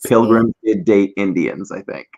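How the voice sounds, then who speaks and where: A man from Boston with a neutral broadcast American accent, hosting a casual livestream interview in a relaxed, chatty way. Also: lowish voice, unhurried, gravelly, lo-fi sound. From Boston, Massachusetts. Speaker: livestream host.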